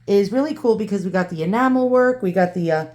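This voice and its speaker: A woman's voice: mid-range voice, fast, darkish tone. A woman with a New York accent hosting an antique unboxing vlog at home, ranting and cursing, then turning cheerful. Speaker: antique channel host. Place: home with dogs.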